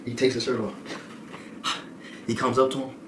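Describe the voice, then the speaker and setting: A young adult man, a streamer, telling a comedic storytime in an animated, slangy way, peppering his lines with "boy" and "folk". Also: mid-range voice, normal speed, background noise.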